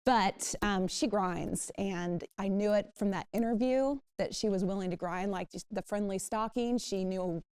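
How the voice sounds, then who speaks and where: A woman on a discussion panel, a news manager who tells stories in an animated way. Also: medium pitch, measured pace, hardly any pauses, clear, resonant tone, no room sound, studio quality. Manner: animated storytelling.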